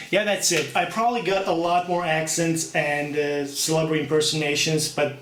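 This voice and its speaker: A young man talking casually to camera about doing impressions, relaxed and unhurried with fillers. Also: a little high. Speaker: aspiring actor showing impressions. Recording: echoey room, faint background hum.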